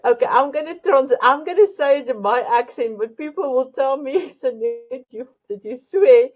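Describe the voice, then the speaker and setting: A woman hosts a motivational talk show, warmly and affectionately addressing viewers and repeatedly calling them "my beautiful ones." Her voice sits high at a moderate pace, with faint music behind it and a dull lo-fi sound.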